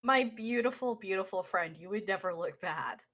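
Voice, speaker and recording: A woman's voice: medium pitch, lively intonation, normal speed, fairly bright tone. A woman voicing a helpful female friend who speaks in an affectionate, reassuring way. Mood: fond.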